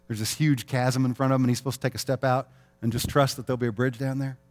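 Middle-aged man, pastor, easygoing sermon delivery at a middle pitch, brings stories to life with quick quoted voices. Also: level tone. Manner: conversational, plays out little scenes in quoted voices.

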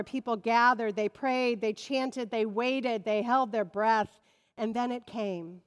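A woman pastor delivering a sermon in a measured preaching manner that swells with emphasis. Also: fairly high pitch. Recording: long reverb of a large hall.

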